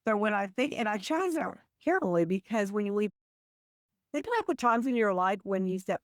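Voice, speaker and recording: A woman guest on a podcast interview, explaining habits in a measured, example-filled conversational way. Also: mid-range voice, very animated, no room sound. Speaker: podcast guest, communication coach.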